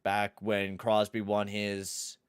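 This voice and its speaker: Young male streamer, lowish smooth voice, dry close sound, excitable and profane. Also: slow, no echo. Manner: excitable, swears, shouts at the game. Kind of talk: live gameplay commentary and chat.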